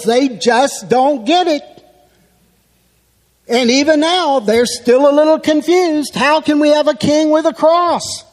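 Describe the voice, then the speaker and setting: A man delivers an expository sermon in a very high voice, taking his time over each phrase. His emphatic, unhurried teaching carries a long reverb from the church sanctuary around him. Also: a little mellow. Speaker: preacher.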